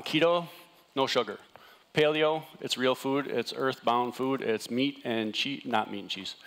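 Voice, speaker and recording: Animated man giving a wellness talk. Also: medium pitch. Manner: animated, jokey, asks the room "right?". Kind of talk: casual seminar talk to a live audience.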